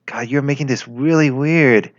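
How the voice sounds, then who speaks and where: A man's voice: medium pitch, normal speed, dry recording, pitched above the performer's own voice, close to an everyday voice. A man doing a grumbling young German commander. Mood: uneasy. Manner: sarcastic, flustered and grumbling. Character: exasperated young male German tank commander. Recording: lo-fi with faint music.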